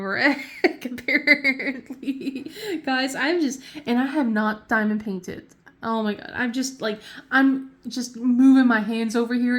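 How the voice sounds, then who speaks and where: Chatty woman in her 30s at her craft desk, lots of ums and giggles, slightly high voice. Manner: chatty and giggly, many fillers and restarts. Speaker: craft channel host. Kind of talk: casual chat while crafting.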